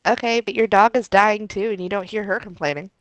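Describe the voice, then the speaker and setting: A woman's voice: mid-range voice, fairly even intonation, moderate pace, dry recording, poor audio. A woman in her thirties chatting and teasing her friend during a game stream, laughing often. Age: 30s. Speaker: co-player on a stream. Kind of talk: casual chat while gaming.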